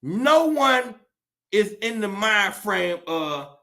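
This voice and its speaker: A man rants with fiery, profane conviction, hammering his points with rhetorical questions. His voice sits high and comes across bright and forceful. He talks like a preacher working up a crowd. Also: very animated, drawn-out words, creaky. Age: adult. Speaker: commentator. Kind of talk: impassioned monologue.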